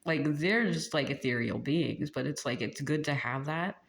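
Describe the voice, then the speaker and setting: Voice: medium pitch, moderate pace, gravelly, slight background noise. A tarot reader giving a casual spoken spiritual reading, rambling with many filler words and often breaking into giggles. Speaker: tarot reader channeling messages.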